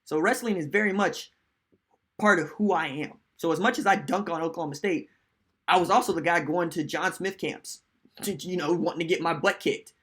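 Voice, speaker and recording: A man hosting a live-stream sports podcast in casual, animated chat, reading viewer comments aloud. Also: on the high side, a little fast, slightly rough. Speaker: podcast host.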